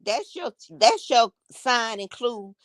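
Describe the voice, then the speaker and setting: Slow-paced and a little high, with big swings in pitch, a woman in her sixties gossips on a casual livestream and addresses her viewers as y'all. The studio sound is clean, with no echo.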